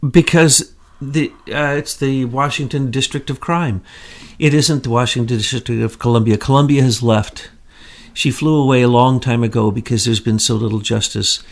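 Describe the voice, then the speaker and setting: An indignant man co-hosting a political talk show, his pitch sitting in an ordinary middle range. He fires off one rhetorical question after another in a heated, accusing commentary. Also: fairly even intonation, normal speed, creaky. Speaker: co-host.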